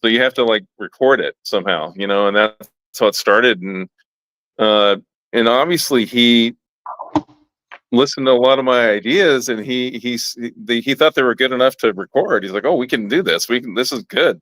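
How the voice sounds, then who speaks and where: A man's voice: medium pitch, moderate pace, fairly bright tone, no room sound, low-quality recording. A man who is a musician guest on a podcast, chatting casually in a rambling way full of "like" and "you know". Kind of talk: casual interview chat.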